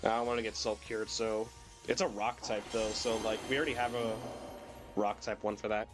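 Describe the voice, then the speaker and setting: A man's voice: fairly low pitch, level tone, moderate pace, over music. A young man streaming a video game while sick, rambling casually with lots of fillers and the odd swear, his voice cracking at times. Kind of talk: casual gameplay commentary.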